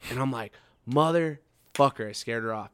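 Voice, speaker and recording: A man's voice: mid-range voice, normal speed, no room sound, studio quality. Young man telling a sweary story. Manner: swears often, acts out his own past reactions. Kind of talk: casual storytelling chat.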